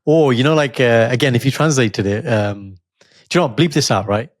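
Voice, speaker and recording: A middle-aged man co-hosting a casual podcast, an animated storyteller who laughs often. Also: mid-range voice, brisk, no room sound, clean studio sound. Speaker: podcast co-host.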